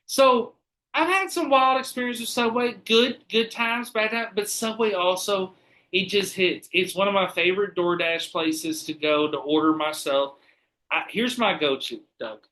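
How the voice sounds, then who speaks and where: Bright-voiced, animated podcast host. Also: male voice, sits high, unhurried. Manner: animated, profane storytelling. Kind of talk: casual chat.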